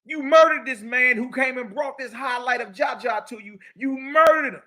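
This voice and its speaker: High-pitched mocking male commentator. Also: normal speed. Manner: preachy, mocking, loud outbursts, slangy banter. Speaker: show host. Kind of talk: animated commentary reading from a book.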